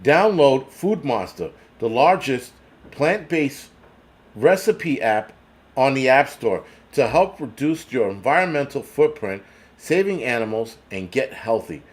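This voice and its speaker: A man's voice: medium pitch, big pitch swings, measured pace. A man with a New York accent, hosting a prepper channel, who reads a list aloud and rants over it with angry, profane sarcasm.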